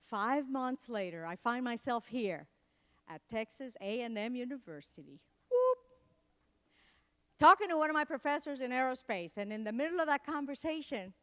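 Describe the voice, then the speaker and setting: A woman's voice: a little high, no room sound, clean studio sound. A middle-aged woman from Puerto Rico, a native Spanish speaker with a Puerto Rican accent, giving a comedic motivational keynote with playful, self-mocking storytelling. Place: event hall.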